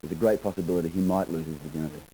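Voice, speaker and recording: A young Australian man sits as an actor guest on a talk show and tells wry, joking stories. His voice is very low and dark. He rattles along fast. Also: fairly even intonation, heavy background noise. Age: 20s. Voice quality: wry, joking, quick rambling. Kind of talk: TV interview.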